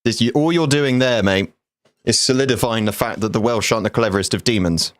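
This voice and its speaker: An ex-soldier in his thirties streams a game and talks openly with viewers, cursing freely and joking around. His mid-range voice moves briskly, captured in a dry, studio-quality recording.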